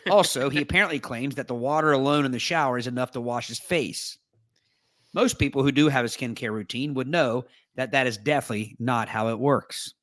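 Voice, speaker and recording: A man's voice: medium pitch, fairly bright tone, no echo, studio quality. A man co-hosting a live podcast in a casual, joking chat, reading a forum post aloud with playful asides. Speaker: podcast co-host.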